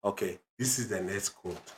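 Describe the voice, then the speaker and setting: A man's voice: fairly low pitch, normal speed, close to an everyday voice. A man voicing a stern, lecturing figure in a put-on African accent who hands out wise sayings and keeps asking if he is understood. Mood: scolding. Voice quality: commanding, repeats questions to the listener.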